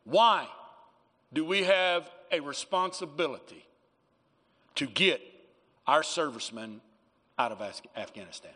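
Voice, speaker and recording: A man's voice: on the high side, expressive, a little slow, pauses often, pushed and bright, big-room sound. A man preaching a sermon as pastor in a church, emphatic, calling for amens from the congregation. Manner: emphatic preaching with call-and-response.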